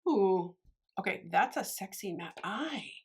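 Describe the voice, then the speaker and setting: A woman's voice: medium pitch, expressive, measured pace, slightly rough. Gushing woman beauty vlogger. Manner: gushing, chatty, talks straight to viewers. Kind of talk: casual makeup tutorial chat.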